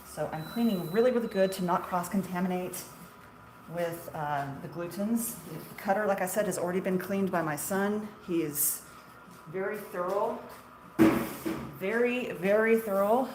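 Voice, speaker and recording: A woman's voice: on the low side, normal speed, noisy background. A middle-aged woman, a shop owner, chatting casually on a livestream in a chatty, self-deprecating way and laughing often.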